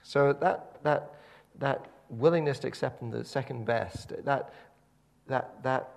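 A man's voice: mid-range voice, slow, vocal fry. A man preaching a sermon, telling the story animatedly with many repeated words and restarts.

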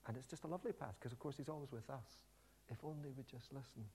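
A man preaches a sermon in a relaxed, conversational way, retelling a scripture story with lively asides. He often restarts a phrase before going on. His voice sits at an ordinary middle pitch. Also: fast talker, slight background noise.

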